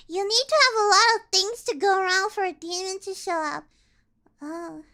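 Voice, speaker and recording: A woman streamer chatting casually while reacting to a video, excitable and often stammering and repeating herself. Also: extremely high pitch, normal speed.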